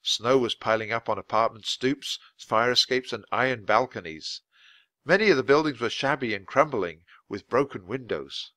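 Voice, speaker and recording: A man reading a children's chapter book aloud for English learners, in clear, expressive storytelling. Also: mid-range voice, normal speed, dry recording. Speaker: audiobook reader.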